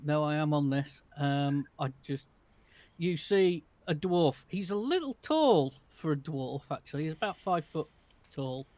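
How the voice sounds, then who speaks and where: Slow, halting male game master. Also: a little high, animated, darkish tone. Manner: halting, many fillers and restarts. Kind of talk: narrating a tabletop game.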